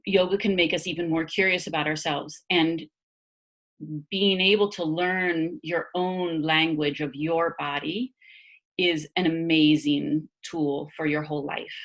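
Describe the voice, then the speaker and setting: Animated woman explaining body-mind therapy. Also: low-pitched, a little slow, dull audio. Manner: animated, laughs often, many fillers and restarts. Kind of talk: casual conversational explanation.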